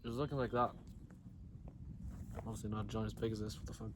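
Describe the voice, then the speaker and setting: A man's voice: on the low side, steady tone, fast talker, noisy background. A young man telling a story to camera outdoors, in a slangy, profane, rambling way with lots of restarts. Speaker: vlogger. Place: outdoors near trees. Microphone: camera he films himself with.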